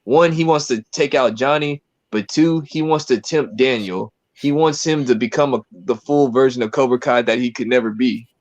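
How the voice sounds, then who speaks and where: A man's voice: mid-range voice, moderate pace, few pauses, dry recording, dull audio. Rambling man chatting on a podcast. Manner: rambling, filler-heavy, acts out quotes. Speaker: podcast co-host. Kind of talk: casual chat.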